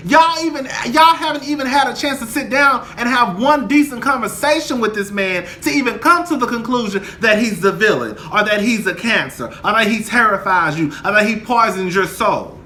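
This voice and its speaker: A man's voice: extremely high pitch, moderate pace, hardly any pauses, pushed and bright, slight background noise. A young man angrily ranting about a reality TV show, heated, profane and emphatic. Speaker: commentator. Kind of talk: angry reality TV rant to camera.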